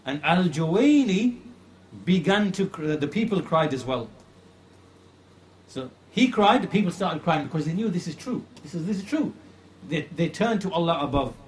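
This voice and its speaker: Man, religious lecture, earnest, repeats for emphasis, somewhat high voice, faint background hiss. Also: expressive. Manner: earnest, repeats phrases for emphasis, slows to stress points. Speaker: Islamic creed teacher. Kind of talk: religious lecture retelling a classical story.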